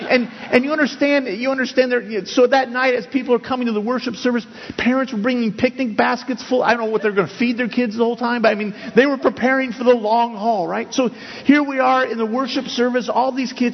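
Husky middle-aged guy preaching in a church, keeps restarting his words, long hall echo, dull sound. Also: very high-pitched. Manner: earnest, with many restarts and repeated words. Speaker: pastor. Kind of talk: sermon with personal storytelling.

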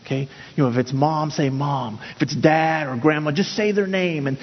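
Husky middle-aged guy preaching in a church, keeps restarting his words, long hall echo, dull sound. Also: fairly high pitch, moderate pace. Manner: earnest, with many restarts and repeated words. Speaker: pastor. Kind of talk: sermon with personal storytelling.

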